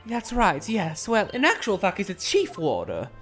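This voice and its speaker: A woman's voice: medium pitch, wildly swooping pitch, moderate pace, faint music behind. A woman putting on a fretful genteel Victorian wife. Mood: prim. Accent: put-on mix of Southern belle and British. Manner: prim, fretful and overly formal. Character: anxious genteel Victorian wife, middle-aged. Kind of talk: reading game dialogue aloud on stream.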